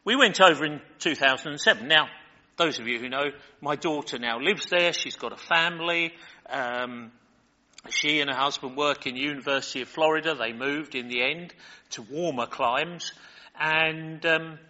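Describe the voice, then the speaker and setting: A man's voice: fairly high pitch, normal speed, sharp tone, big-room sound. An older British man preaching, reading scripture and then chatting in a digressive way with many fillers. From Britain. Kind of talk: Bible reading and sermon. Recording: muffled lo-fi recording.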